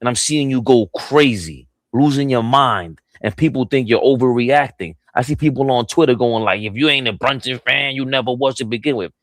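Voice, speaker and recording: A man's voice: mid-range voice, normal speed, few pauses, a bit bright, no room sound, clean studio sound. A man hosting a sports talk stream, ranting in a heated, profane way. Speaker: host.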